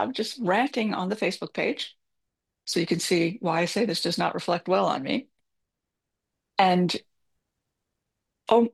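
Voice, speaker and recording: A woman's voice: mid-range voice, creaky. A middle-aged woman telling a self-deprecating personal story as advice, candid and chatty with filler words. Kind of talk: personal advice talk with anecdote.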